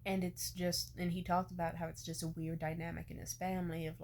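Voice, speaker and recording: A woman's voice: on the low side, little pitch movement, a little fast, few pauses, a little mellow, a little hiss or hum. Candid young woman telling a story. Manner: candid and emotional, swears freely. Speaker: vlogger. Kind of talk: casual storytime.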